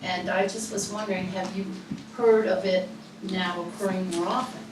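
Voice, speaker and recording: A woman's voice: mid-range voice, level tone, moderate pace, noisy background. A woman in the audience asking polite, hesitant questions at a seminar. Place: seminar room, audience seating. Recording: very echoey, from far off the mic, with ambience.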